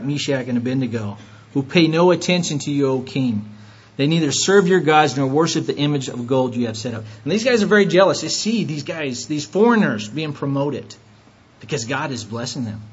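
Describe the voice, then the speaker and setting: Husky animated preacher man. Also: fairly high pitch, muffled recording. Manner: animated preaching with rhetorical questions. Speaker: pastor. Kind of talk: sermon.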